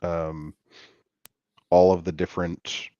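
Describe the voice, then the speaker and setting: Low-voiced laid-back man, dull sound. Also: little pitch movement, slow, dark tone, no echo. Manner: laid-back, filler-heavy. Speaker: podcast host. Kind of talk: casual chat.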